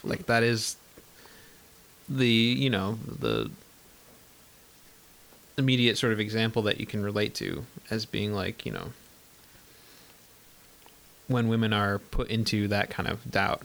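A man's voice: lowish voice, creaky, fairly bright tone. A man co-hosting a podcast, talking through films in a rambling way with lots of fillers. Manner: rambling, filler-heavy, laughs often. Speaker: podcast co-host. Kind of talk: casual film discussion.

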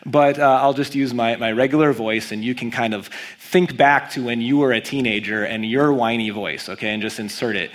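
A man preaching a sermon as a pastor, reading scripture aloud and stressing key words with animated emphasis. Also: medium pitch, normal speed, hardly any pauses.

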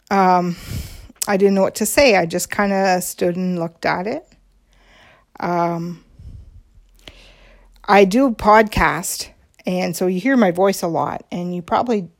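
A woman's voice: medium pitch, vocal fry, darkish tone. A woman hosting a podcast, telling a personal story in a candid, confiding way, with frequent ums and restarts. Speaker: podcast host.

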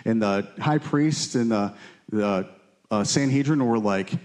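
Leading a Bible study like a relaxed sermon, this man speaks earnestly at a moderate pace in a somewhat mellow voice. He voices quotations in a raised, pleading tone and peppers his talk with "right?" and "okay?".

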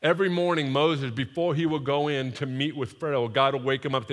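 A man preaching a sermon in a church, energetic and joking, leading the congregation to repeat phrases after him. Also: mid-range voice, a little fast, hardly any pauses. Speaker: pastor. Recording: long reverb of a large hall.

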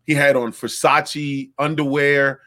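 A man's voice: fairly high pitch, level tone, slow pace, sharp tone. A man co-hosting a casual chat, talking with restarts and street slang. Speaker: podcast co-host.

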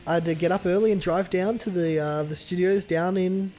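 A young man hosting a podcast in casual chat, joking with deadpan asides. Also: high-pitched, fairly quick, faint music behind. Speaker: podcast host.

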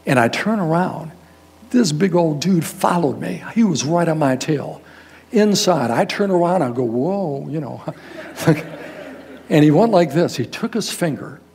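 An older man, a guest pastor, telling a story in a sermon in a folksy, animated way, acting out the people in it. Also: a little high, a little slow, gravelly, husky. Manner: animated, folksy, quotes people in raised voices.

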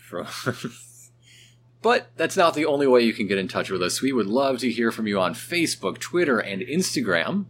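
A man co-hosting a podcast in casual chat, talkative and quick to laugh. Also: mid-range voice, a little hiss or hum. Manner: chatty, laughs often, lively. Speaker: podcast co-host.

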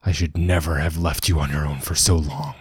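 A man voicing a zealous, controlling older father who shouts commands in an audiobook story. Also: very deep voice, steady tone, brisk, slightly rough, no echo, clean studio sound, full character voice. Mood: cold commanding.

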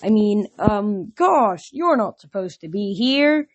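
A woman voicing a nervous teenage satyr boy who stammers and squeaks. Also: lively intonation, slow, muffled recording. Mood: flustered.

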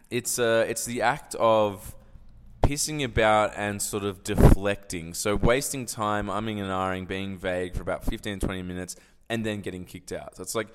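Halting man, low voice, telling a rambling story in an echoey room. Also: fairly even intonation, a little hiss or hum. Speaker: podcast co-host. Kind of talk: casual comedic podcast chat.

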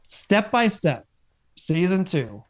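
A man with a slightly higher voice than most men co-hosts a casual chat. He recaps TV episodes in an animated, rambling way, full of fillers and restarts. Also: slow. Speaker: podcast co-host.

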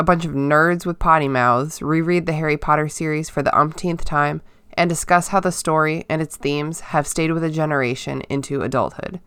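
A woman's voice: sits low, steady tone, moderate pace, a bit bright. A woman hosting a podcast in a jokey, casual way, laughing often. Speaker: podcast host. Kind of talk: casual chat. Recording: roomy echo.

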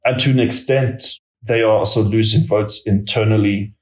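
A man explains his analysis in a measured, conversational way, padding his sentences with hedges and fillers. His voice sits on the low side. The recording carries a noticeable roomy echo. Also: fairly even intonation, a little mellow. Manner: measured, hedging with many fillers. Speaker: political risk analyst guest. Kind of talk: conversational expert commentary.

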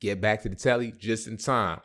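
A man hosting a podcast and telling a comedic story in an animated, slangy way, often breaking into silly sound effects. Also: lowish voice, normal speed. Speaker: podcast host.

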